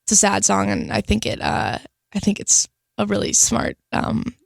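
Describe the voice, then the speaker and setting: A woman's voice: mid-range voice, monotone, moderate pace, creaky, no echo, clean studio sound. A young woman, a singer guest, chatting casually in a radio interview, bubbly and full of "like". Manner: bubbly, lots of "like" and laughter.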